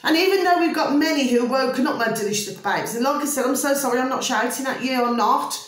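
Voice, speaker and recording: A woman's voice: sits high, fast talker. A woman talking casually to her followers, rambling and repetitive, exasperated but affectionate, often asking if they follow her. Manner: rambling, repetitive, keeps checking listeners follow. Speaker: vlogger. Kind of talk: casual ranting monologue. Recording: echoey room.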